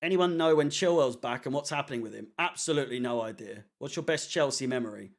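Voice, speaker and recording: A man's voice: medium pitch, fast talker. A man hosting a fan watchalong stream, chatting casually, rambling with fillers and the odd swear word. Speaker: fan channel watchalong host. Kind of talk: casual live-stream chat reading comments.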